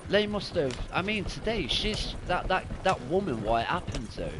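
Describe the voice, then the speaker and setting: A man's voice: high voice, big pitch swings, normal speed. A young man chatting casually and rambling while live-streaming a video game, laughing and swearing freely. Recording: noisy gameplay audio behind.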